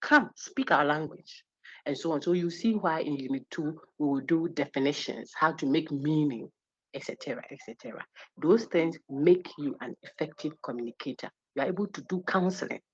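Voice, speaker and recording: A woman giving a university lecture, animated and teasing, acting out little quotes as she goes. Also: low voice, normal speed. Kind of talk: lively classroom lecture. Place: lecture hall. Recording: husky, dull lo-fi lecture recording.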